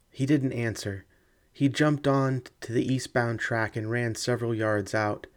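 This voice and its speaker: A man giving measured, dramatic scripted narration of a ghost story audiobook. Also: medium pitch, steady tone.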